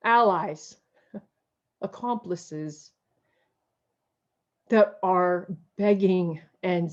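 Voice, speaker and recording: A woman pastor preaching a slow, emotional, repetitive sermon over a video call. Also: mid-range voice, darkish tone, dull audio. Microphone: video call mic.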